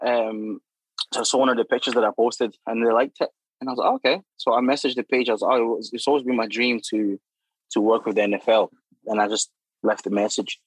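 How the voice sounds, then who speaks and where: Podcast guest: young man, mid-pitch, dry close sound, animated storyteller. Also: fast talker, breathy edge, no echo, low-quality recording. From Democratic Republic of Congo. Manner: animated, laughing, lots of filler and acted quotes. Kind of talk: casual storytelling.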